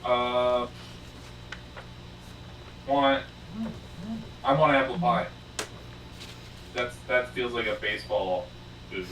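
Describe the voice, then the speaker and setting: A young man playing a tabletop game, joking around with an animated manner. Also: medium pitch, slow pace, pauses often, roomy sound, slight background noise, low-quality recording. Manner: animated, jokey, slips into silly voices. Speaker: player. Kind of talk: casual chat while playing.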